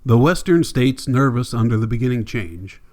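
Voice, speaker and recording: A man reading a classic novel aloud as an audiobook narrator, measured and deliberate, with long pauses. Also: medium pitch, expressive, a little mellow. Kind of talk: scripted narration.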